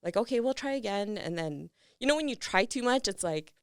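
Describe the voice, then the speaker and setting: A woman's voice: mid-range voice, brisk, clean tone, dry recording, clean studio sound. A woman guest on a podcast, telling a personal story in casual chat and acting out the lines of the people in it. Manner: animated retelling with acted quotes and laughs.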